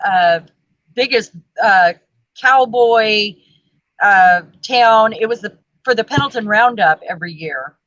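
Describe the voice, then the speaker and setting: A woman's voice: mid-range voice, slow pace, a bit bright, dry recording. Chatty woman on a dull call line. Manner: rambling, chatty, many fillers. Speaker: co-host of a craft video chat. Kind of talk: casual chat. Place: home, video call. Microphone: video call.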